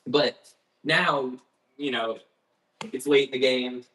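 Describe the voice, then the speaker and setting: A bright, forward-sounding man tells a story from his baking job in a loose livestream chat. He rambles candidly, with plenty of fillers and laughs and a swear word here and there. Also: mid-range voice, fairly even intonation, slow. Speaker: baker and video host.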